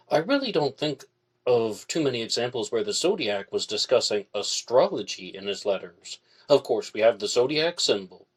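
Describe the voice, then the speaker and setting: A man hosting an interview podcast, asking measured, direct questions. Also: on the low side, rough recording. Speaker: podcast host.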